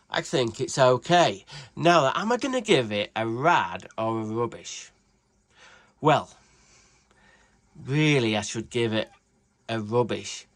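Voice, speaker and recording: A British man with a mid-range, fairly bright voice hosts a casual vlog reviewing tools. He rambles chattily and swears freely in British English.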